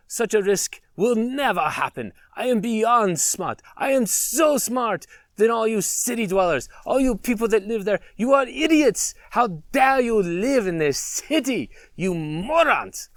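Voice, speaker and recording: A smug rural know-it-all who drags out his words and sneers at city folk, pitched a little higher as a man puts him on. His talk is dry and close, with a lively rise and fall. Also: no room sound, full character voice. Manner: pompous, drawn-out sneering delivery.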